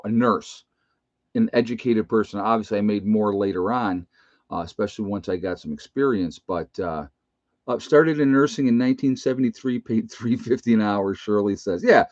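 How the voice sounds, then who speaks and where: A man's voice: on the low side, moderate pace, darkish tone, no room sound. Older man, retired nurse, hosting a casual stream; rambling, self-mocking, dry and dull audio. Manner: rambling, chuckling, self-teasing. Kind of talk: casual live stream chat. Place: indoor room with bookshelves.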